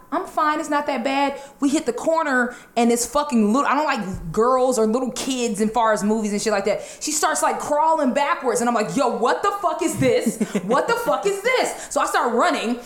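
A woman telling a wild story in a casual chat, animated and laughing, swearing freely. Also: sits high, reverberant. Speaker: show host.

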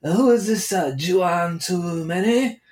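A man putting on a puzzled, high-pitched boy. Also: a little mellow, roomy sound. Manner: halting, drawn-out questioning with many fillers. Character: puzzled young boy, hesitant and unsure.

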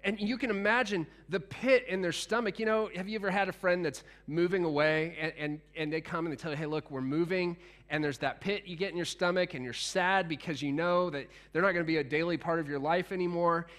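A man preaching a sermon in a conversational, animated way, with frequent restarts and asides to the congregation. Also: fairly high pitch, fairly quick, few pauses. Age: adult, past teenage years. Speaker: pastor.

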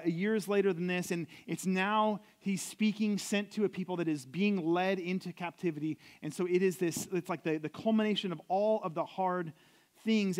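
Young adult male pastor, high pitch, conversational sermon delivery with scripture read in a lower, softer voice.

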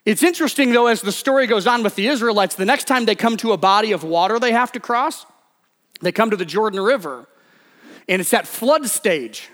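A man with a high voice delivers a sermon in a loose, talky way and keeps breaking into quick acted-out quotes. His voice rings out with the long reverb of a large hall, as in a church sanctuary. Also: animated, a bit bright. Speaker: pastor.

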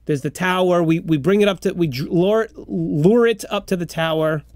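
A man co-hosting a podcast, excitedly improvising a comedic story and firing off rapid questions. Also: high voice, no echo. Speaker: podcast co-host.

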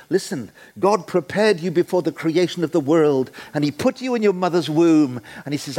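A man in his sixties preaching a sermon in a church, playful and animated, acting out the voices he quotes. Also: high voice, moderate pace. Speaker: guest preacher.

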